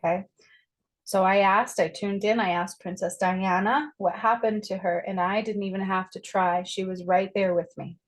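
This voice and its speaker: A woman's voice: mid-range voice, steady tone, normal speed, rough recording. A woman describing herself as a psychic medium, talking earnestly to camera and often checking in with "okay?". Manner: emphatic, repeats key phrases. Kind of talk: earnest spoken monologue to camera.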